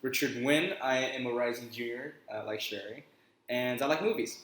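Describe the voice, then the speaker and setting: A man's voice: mid-range voice, moderate pace, a bit bright. Giggly young man in an echoey room. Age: about 20. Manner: giggly, rambling, self-mocking. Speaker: co-host. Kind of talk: casual podcast chat. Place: college house room. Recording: echoey room, far from the mic.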